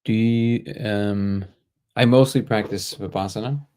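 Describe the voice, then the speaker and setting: Male livestream host, slightly low pitch, easygoing, thinks aloud while answering chat. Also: measured pace, smooth. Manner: relaxed, thinks aloud, joking asides. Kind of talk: casual live chat answering viewer comments.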